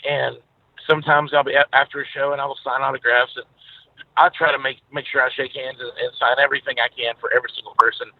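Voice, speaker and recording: A man's voice: mid-range voice, little pitch movement, fast. Southern man talking over a tinny phone line. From Texas. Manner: easygoing storyteller, many filler uhs. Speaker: guest musician. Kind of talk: casual interview over the phone.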